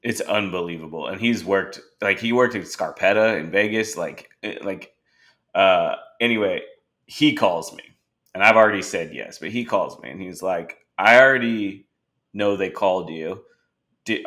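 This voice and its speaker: A man with a low-set, bright and forceful voice hosts a podcast in easy conversation. He tells his stories with energy and slips into the voices of the people he quotes. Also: normal speed. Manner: animated storyteller who acts out quoted dialogue. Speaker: podcast host. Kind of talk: casual conversation.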